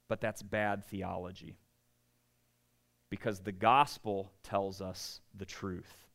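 A pastor with a gravelly voice preaches a sermon slowly and conversationally, his delivery flat. He asks listeners "right?" again and again and acts out quoted voices with big swings in pitch and loudness.

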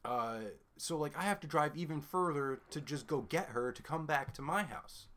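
A man's voice: fairly high pitch, normal speed. A man telling a frustrating story in casual chat, cursing heavily and acting out both sides of arguments with lots of "like" and "right?". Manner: heavy cursing, animated retelling with quoted back-and-forth; frequent "like" and "right?" fillers, laughs mid-sentence.

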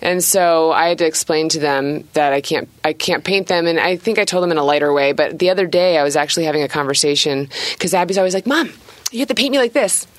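Chatty low-voiced woman artist. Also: steady tone, fast talker, hardly any pauses, no echo. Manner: chatty, laughs often, many restarts. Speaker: guest artist. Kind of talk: casual podcast interview.

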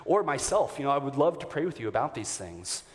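A man preaches to his congregation as their pastor, earnest and warm, his voice sitting at a middle pitch. He stumbles now and then with fillers and small restarts. His words ring out with the long reverb of a church hall. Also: big pitch swings, fairly quick. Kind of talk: sermon. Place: church sanctuary.

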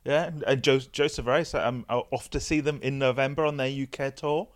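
A man's voice: mid-range voice, fairly even intonation, normal speed. A man co-hosting a podcast who talks casually and hesitantly about music. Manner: hesitant, filler-heavy, laid-back. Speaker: podcast co-host.

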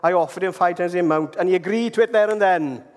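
A Welsh preacher gives a storytelling sermon in a fairly high, darkish-toned voice, chatty and easygoing. He often pauses to ask his listeners "okay?", and his words echo with the long reverb of a large hall.

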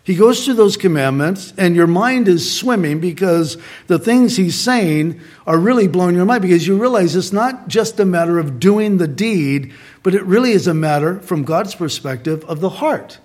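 Earnest preaching man, slightly high voice. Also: animated, a little mellow. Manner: earnest, conversational preaching with slowed emphasis. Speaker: pastor. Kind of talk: sermon.

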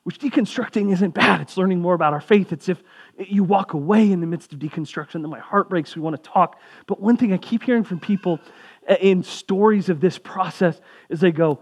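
A man's voice: high voice, a little fast. A young man preaching a sermon as pastor, in a conversational way with casual asides.

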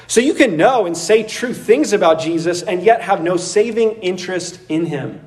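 A man preaching a sermon in a conversational, animated way, laughing and acting out voices as he goes. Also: high-pitched, moderate pace, hardly any pauses, distant mic. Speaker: pastor. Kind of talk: expository sermon.

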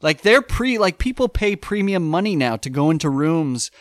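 A man chatting casually as a podcast host, telling rambling, animated stories full of fillers. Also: on the high side, normal speed, dry recording, clean studio sound. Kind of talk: casual chat.

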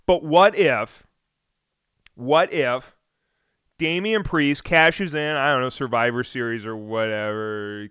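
A man hosting a casual podcast, talking in an excitable, rambling way and swearing often. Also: medium pitch, clean tone, dry recording, studio quality. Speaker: podcast host. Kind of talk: casual wrestling podcast chat.

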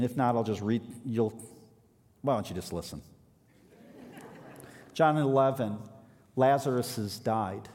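A man's voice: mid-range voice, a little mellow. Male pastor, mid-range voice, preaches and reads scripture with rising emphasis, captured in a reverberant hall. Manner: reads scripture aloud, then explains with emphatic rises. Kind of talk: sermon.

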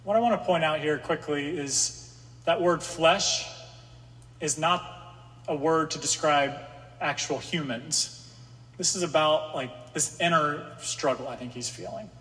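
A man's voice: fairly high pitch, fairly bright tone. A man preaching a conversational sermon to a room of listeners, sometimes voicing the psalmist's anxious pleas. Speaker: pastor. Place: room with an audience. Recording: long hall reverb.

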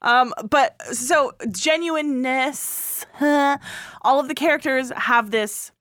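A woman co-hosting a casual movie-review podcast, with a fairly high voice recorded close and dry. She is chatty and playful, poking fun at herself. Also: slow pace, fairly bright tone, no echo. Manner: chatty, self-deprecating, playful. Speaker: podcast co-host.

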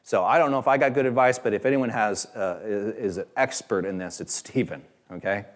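A man preaching a sermon in a conversational, halting way with many fillers, lifting his voice when he quotes other people. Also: fairly low pitch. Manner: voice rises and grows louder when quoting others. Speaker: pastor.

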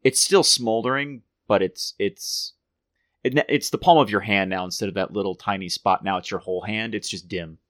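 A man's voice: fairly low pitch, normal speed, a bit bright, no echo, clean studio sound. A man running a tabletop game as game master, laid-back and often restarting his sentences.

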